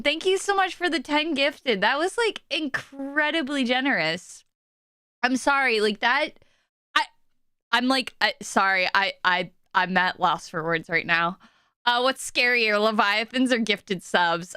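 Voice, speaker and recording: A woman's voice: fairly high pitch, sharp tone, smooth, dry recording, clean studio sound. A woman streaming live, talking casually and stammering, emotional and near tears. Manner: flustered, stammering, often laughing.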